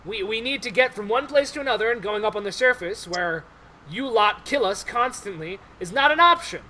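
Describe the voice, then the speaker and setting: Man doing a snippy dark elf translator, fed up, high bright tone, tabletop game. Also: expressive, a little fast, low-quality recording. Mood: exasperated. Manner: curt, snide.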